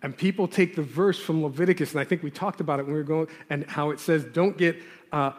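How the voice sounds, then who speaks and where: A man's voice: a little high, steady tone, quick pace. A male pastor preaching a sermon in a conversational, earnest way, pressing hard on key words. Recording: long hall reverb.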